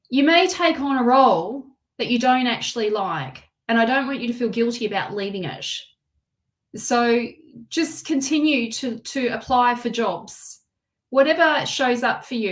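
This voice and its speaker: A woman with a fairly high voice hosts a live tarot reading stream. She circles back over the same phrases again and again and stops to read viewer comments aloud. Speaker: tarot reader.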